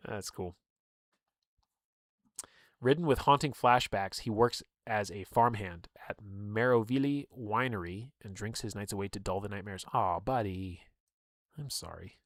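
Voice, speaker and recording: A man's voice: on the low side, moderate pace, fairly bright tone, dry recording, clean studio sound. A young man casually reading through a game book on a livestream, breaking off for chatty asides and laughs.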